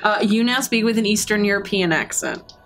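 A woman running a tabletop game as dungeon master, giving brisk rulings between laughs. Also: mid-range voice, a bit bright, faint music behind.

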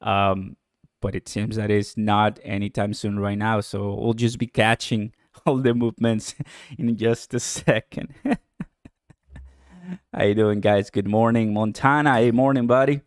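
A man hosting a casual live stream about cryptocurrency from home in the morning, excitable and chatty, laughing often and talking straight to his viewers. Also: on the low side, unhurried, no room sound, studio quality. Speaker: crypto livestream host.

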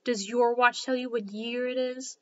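Brief: woman doing an eccentric storybook hatter, bright and slow, mournful, lo-fi audio. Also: on the high side, fairly even intonation, natural voice. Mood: matter-of-fact. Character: eccentric fussy male hatter. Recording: slightly dull lo-fi recording.

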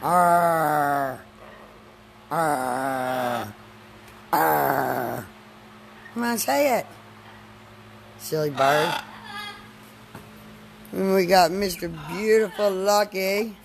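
A woman hosting a live video outdoors on a farm, talking slowly and coaxingly to her animals. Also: mid-range voice, a little hiss or hum. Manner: slow, coaxing talk to animals. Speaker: farm host.

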